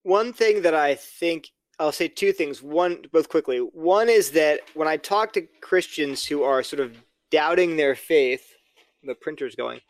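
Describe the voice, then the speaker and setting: A man's voice: a little high, a little slow, dry recording. A man speaking as a podcast guest, explaining his view earnestly and acting out both sides of imagined exchanges. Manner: earnest, argumentative, acts out quoted dialogue. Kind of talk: casual podcast conversation.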